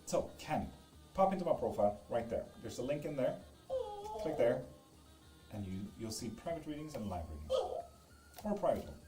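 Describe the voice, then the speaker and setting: A man's voice: medium pitch, very animated, a little fast, pauses often, dark tone. A man from Sweden reading tarot on a live stream at home, chatting casually with viewers in a teasing way and swearing freely. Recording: roomy echo with music behind.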